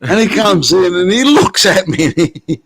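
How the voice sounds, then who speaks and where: A man's voice: high-pitched, sing-song, normal speed, a bit bright, breathy edge. A man telling rambling, profane stories in casual chat from home at his computer.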